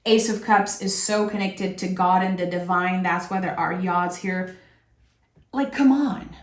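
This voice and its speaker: A woman giving a spiritual tarot reading in a slow, earnest, heartfelt way. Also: fairly low pitch, flat delivery. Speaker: tarot reader. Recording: roomy echo.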